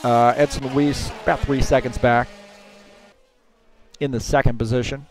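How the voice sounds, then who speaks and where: A man's voice: medium pitch, flat delivery, moderate pace. A man giving casual, chatty commentary on a sim race, with lots of fillers.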